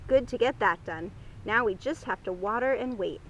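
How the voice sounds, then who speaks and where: A woman's voice: fairly high pitch, moderate pace, lo-fi sound, slight background noise, close to an everyday voice. A woman reading aloud voices a fussy, flustered old man gardener in a picture-book story.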